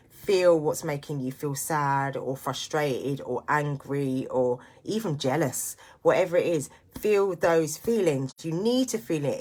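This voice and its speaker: A middle-aged woman speaks straight to her viewers in a low voice. She is earnest and reflective, mixing personal confession with motivational advice in an unscripted vlog. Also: slightly rough. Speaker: vlogger and single parent. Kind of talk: candid personal vlog monologue.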